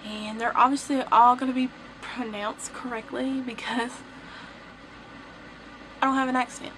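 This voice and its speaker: A woman's voice: a little high, fairly even intonation, measured pace, fairly bright tone, a little hiss or hum, low-quality recording. A young woman with a Southern US accent, chatting playfully to the camera as a vlogger. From southern United States. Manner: playful, teasing. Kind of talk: casual chat to camera.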